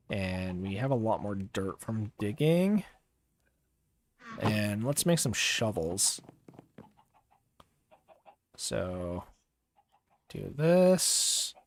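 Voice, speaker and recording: A young man talking casually as he plays a game on a livestream, relaxed and rambling with many fillers and pauses. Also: fairly low pitch. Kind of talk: casual gameplay commentary.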